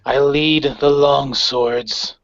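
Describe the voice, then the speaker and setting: A man playing a grim, cold gang leader who speaks with measured, menacing calm. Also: mid-range voice, no room sound. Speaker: player voicing his character. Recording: dry, dull lo-fi recording.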